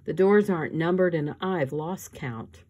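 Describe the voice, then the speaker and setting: Woman reader as a weary teenage boy, bookish, slow and low. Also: a little mellow.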